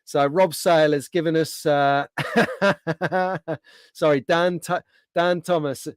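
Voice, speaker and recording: A man's voice: on the high side, steady tone, moderate pace, clean tone, dry recording. A man hosting a casual livestream, chatting in a friendly way and reading out viewer comments. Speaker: livestream host.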